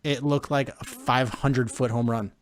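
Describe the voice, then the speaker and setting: A man co-hosting a sports podcast from a room at home, retelling a story animatedly with halting restarts. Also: medium pitch, steady tone. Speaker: podcast co-host. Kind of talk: casual sports chat.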